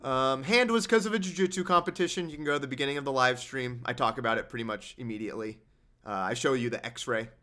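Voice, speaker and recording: A man's voice: medium pitch, fast talker, sharp tone. A young man hosting a casual livestream, rambling and sarcastic as he answers chat. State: injured hand. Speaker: livestream host.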